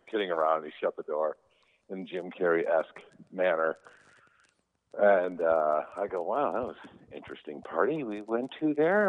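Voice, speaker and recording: Here a man recounts stories of his brother in an easygoing, energetic way, raising his voice whenever he imitates what someone said. He has a low voice and keeps a moderate pace, heard through a tinny line that resembles a phone call.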